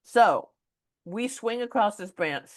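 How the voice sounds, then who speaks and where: A woman hosting a podcast, telling a story in a casual, animated way with lots of filler words. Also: mid-range voice, slow pace. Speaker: podcast host.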